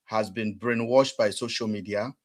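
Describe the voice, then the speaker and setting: A man's voice: on the low side, steady tone, normal speed. Playful, teasing male stream host. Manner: playful, teasing, many restarts. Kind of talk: live stream talk show.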